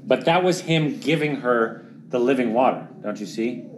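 Earnest male preacher, dramatic quiet drops. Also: mid-range voice, expressive, normal speed, crowd noise. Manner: earnest, swings between quiet dramatic drops and louder emphatic pushes. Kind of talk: sermon.

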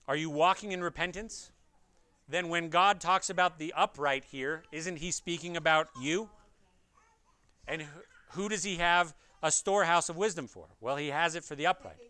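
A man's voice: fairly high pitch, pushed and bright, no echo. A man preaching an expository sermon, earnest, pressing his point with rhetorical questions and speaking straight to his listeners. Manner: addresses listeners directly.

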